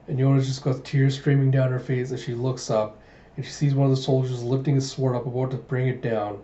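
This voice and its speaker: A young man casually retelling a manga's panels in a relaxed, play-by-play way. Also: medium pitch, brisk. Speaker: manga reader and narrator. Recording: echoey room, dull lo-fi sound.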